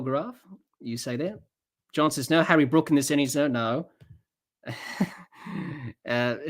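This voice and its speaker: A woman hosting a live cricket watch-along podcast, excitable as she calls the play and answers viewer chat. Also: extremely low pitch. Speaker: podcast host.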